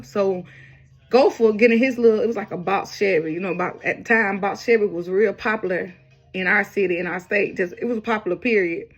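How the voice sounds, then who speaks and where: A woman telling a personal story in a loose, rambling way, jumping up in pitch when she quotes people. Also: fairly quick, slightly rough, muffled recording, soft background music. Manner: casual, rambling, quoting others with raised pitch. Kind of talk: casual storytelling.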